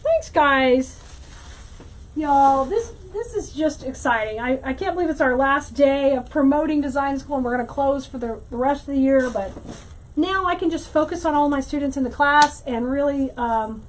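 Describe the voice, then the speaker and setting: Woman, high-pitched, casual livestream host, chatty and giggly. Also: normal speed, a little hiss or hum, rough recording. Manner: chatty, greets viewers by name, giggly. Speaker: livestream host teaching wreath making. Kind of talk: casual livestream crafting chat.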